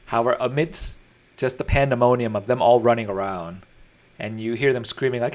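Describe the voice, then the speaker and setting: A man's voice: mid-range voice, fairly quick. A man narrating as dungeon master in a tabletop game, talking casually with fillers and restarts.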